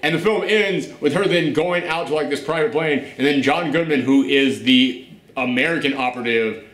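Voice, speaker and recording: A man's voice: a little high, moderate pace, a bit bright. Sarcastic man reviewing a film, echoey room. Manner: blunt and sarcastic, swears casually. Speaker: film review show host. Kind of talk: casual film review chat. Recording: roomy echo.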